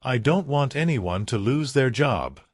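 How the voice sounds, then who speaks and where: A man voicing a humble, earnest young male cleaner who speaks softly and sincerely in a storybook. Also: medium pitch, expressive, measured pace, no echo, studio quality. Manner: soft, sincere pleading.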